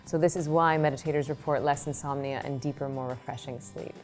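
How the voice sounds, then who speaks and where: A woman meditation teacher answering interview questions, telling lively examples with quick asides. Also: a bass voice, soft background music.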